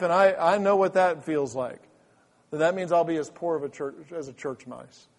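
A man with a somewhat high voice delivers a sermon as pastor, speaking at a moderate pace with fervor and frequent restarts. The recording, made in a church sanctuary, carries a long hall reverb.

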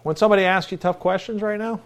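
A man's voice: high voice, steady tone, quick pace. A middle-aged male pastor preaching a folksy, conversational sermon with self-deprecating asides.

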